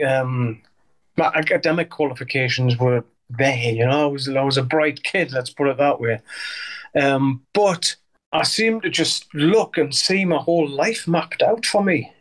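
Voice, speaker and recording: Man, 60s, slightly high voice, loose and rambling, swears a lot, casual interview storytelling. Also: fairly bright tone. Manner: rambling, swears freely, lots of fillers. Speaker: interviewee, musician.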